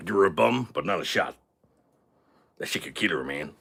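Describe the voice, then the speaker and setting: A man's voice: deep voice, lively intonation, measured pace, vocal fry, pushed and bright, breathy edge, heavily acted. A man playing a crude, boastful character on a live stream, talking rowdily and sounding tipsy from shots. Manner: crude, rowdy, swaggering banter. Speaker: livestream host.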